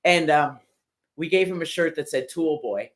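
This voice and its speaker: An older woman, a motorcycle builder interviewed as a guest, telling stories casually and animatedly, acting out what others said and filling pauses with "um" and "uh". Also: low-pitched. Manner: animated storyteller who acts out what others said, with many fillers.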